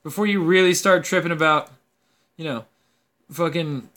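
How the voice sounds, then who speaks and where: A young man hosting a gaming video, ranting casually in a profane, rambling, animated way. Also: on the high side, normal speed. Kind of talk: casual rant to camera.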